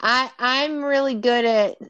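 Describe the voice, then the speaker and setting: A woman's voice: high-pitched, slow, a bit bright, clean tone, no room sound. A woman co-hosting a casual podcast chat, giving short, dry replies. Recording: dull, dry sound.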